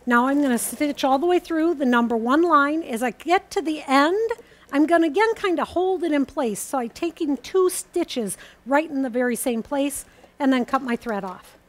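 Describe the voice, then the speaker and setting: Woman, high pitched, methodical host walking viewers through a sewing demo. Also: normal speed. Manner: calm, methodical, explains each step as she works. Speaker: quilting teacher. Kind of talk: step-by-step sewing demonstration.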